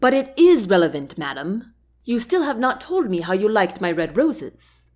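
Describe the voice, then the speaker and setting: A woman's voice: mid-range voice, big pitch swings, normal speed, a little mellow. A woman voicing a smug, condescending male chancellor in a storybook reading, with a haughty, dismissive manner.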